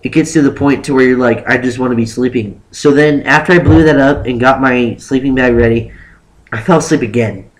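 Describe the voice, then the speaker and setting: A young man telling a story casually on his vlog, animated and rambling, with lots of "like" fillers. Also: mid-range voice, a little fast, rough recording. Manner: acts out exaggerated quotes of himself and others. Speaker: vlogger.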